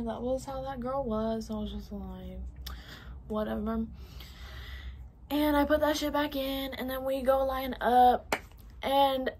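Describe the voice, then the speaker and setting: A woman's voice: fairly high pitch, darkish tone, a little hiss or hum. A woman in her late teens from California telling a casual, profane storytime, full of fillers and whispered asides. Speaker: vlogger. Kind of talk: storytime vlog.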